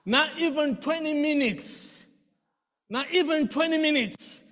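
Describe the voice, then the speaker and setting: A man giving an emotional spoken testimony, telling the story with animated delivery and acting out quoted voices. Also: extremely high pitch, measured pace, big-room sound.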